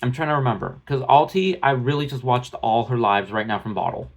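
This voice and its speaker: A man's voice: mid-range voice, expressive, fairly quick, creaky. Man ranting bluntly into a phone. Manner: blunt, profane, rambling with restarts. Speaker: drama commentary vlogger. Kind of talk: ranting commentary.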